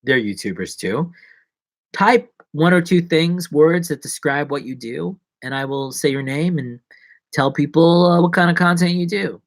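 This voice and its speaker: A man chatting casually and rambling playfully on a solo livestream. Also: measured pace. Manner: rambling, playful, drops to whispers and jumps to squeaky voices. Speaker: livestreaming vlogger.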